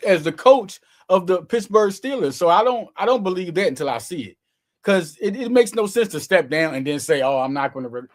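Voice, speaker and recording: A man hosting his own sports show, giving casual, slangy, emphatic commentary straight to his viewers. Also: high-pitched.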